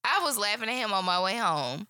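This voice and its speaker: A woman's voice: mid-range voice, expressive, a little fast, pushed and bright, no echo. A woman co-hosting a casual podcast chat who speaks bluntly, laughs often, and. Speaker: podcast co-host.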